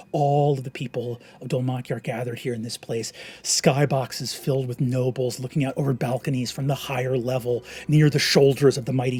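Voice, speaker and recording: A man guiding a tabletop game as game master, with dramatic narration that swings between hushed whispers and loud swells. His voice sits at a middling pitch, with faint background music. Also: husky.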